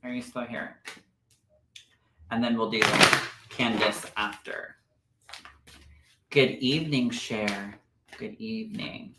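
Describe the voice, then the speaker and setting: A man's voice: mid-range voice, slow, long pauses, reverberant, very noisy. A man hosting a live spiritual medium broadcast, reading viewer comments in a gushing, affectionate manner and calling people "my love.".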